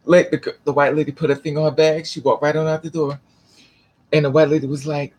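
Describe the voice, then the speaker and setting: A man's voice: fairly high pitch, level tone, fairly quick, darkish tone, husky. A man vlogging, telling a personal story casually, rambling with restarts and swearing.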